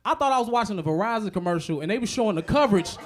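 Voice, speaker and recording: A man doing a stand-up comedy set, profane and animated, acting out the voices of other people. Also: high-pitched, racing.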